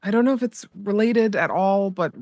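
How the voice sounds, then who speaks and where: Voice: medium pitch, moderate pace, darkish tone, no room sound. A player chatting in character during a roleplay, gossipy and hesitant with casual swearing.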